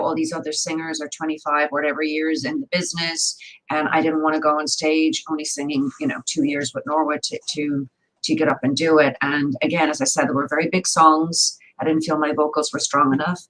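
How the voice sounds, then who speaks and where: Woman, low-ish voice, casual spiritual chat, earnest storyteller, animated. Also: a little fast, low-quality recording. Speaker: co-host and singer.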